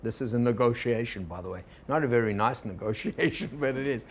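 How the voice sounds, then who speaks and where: A man's voice: medium pitch, a little fast, hardly any pauses, a little mellow. A man teaches a workshop in a mid-range voice, retelling a fable and slipping into quoted inner voices as he goes. He keeps checking in with his listeners through questions. A faint hiss of background noise sits under the recording. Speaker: organizational consultant teaching a workshop. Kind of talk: workshop lecture.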